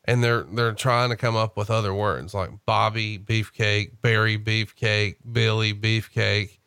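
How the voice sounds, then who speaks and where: A man's voice: lowish voice, fairly even intonation, measured pace, creaky, sharp tone, clean tone, no echo, studio quality. A man hosting a podcast, telling stories in a casual, chatty way and prompting his guest. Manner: chatty storyteller who reads out quotes. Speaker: host.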